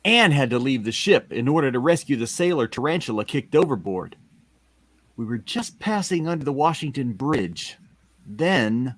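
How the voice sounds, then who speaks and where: A man's voice: medium pitch, a bit bright, no echo. A man reading a comic aloud, voicing a boastful young hero in a playful manner. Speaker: comic reader. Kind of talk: comic read-along, voicing a character.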